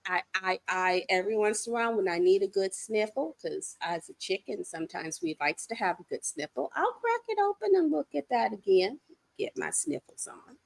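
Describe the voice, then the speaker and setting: A woman co-hosting a casual chat, animated and laughing often. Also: medium pitch, a little fast, gravelly, hardly any pauses. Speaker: co-host.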